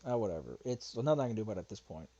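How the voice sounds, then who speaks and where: A man's voice: on the low side, big pitch swings, rapid-fire, warm tone, husky, dull audio. A man streaming a response video, talking casually and rambling, getting frustrated, swearing and muttering to himself while he searches. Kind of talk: casual livestream commentary.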